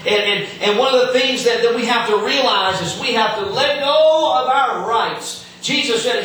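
A man's voice: extremely high pitch, normal speed, hardly any pauses, a bit bright, slight background noise. A man preaching a sermon in an earnest way, often repeating words and restarting, heard in an echoey hall from some distance.

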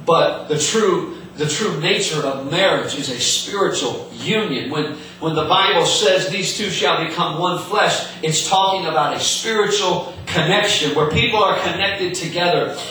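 Man, preacher, earnest sermon, repeats and restarts, bright voice, very echoey hall, faint ambience. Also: a little high, normal speed, few pauses, a little hiss or hum. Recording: echoey hall, mic at a distance.

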